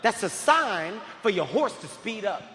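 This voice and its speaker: A man in his forties doing stand-up comedy, telling a story in an animated, often shouting, profane way on stage at a large live venue. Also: sits high, measured pace, slight background noise. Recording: echoey hall with crowd ambience.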